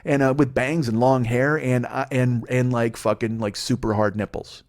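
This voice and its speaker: A man's voice: medium pitch, steady tone, moderate pace, a little mellow. A man in his forties from Illinois hosts a comedy podcast, telling rambling, heavily profane, self-mocking stories. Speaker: podcast host. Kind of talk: comedic storytelling monologue.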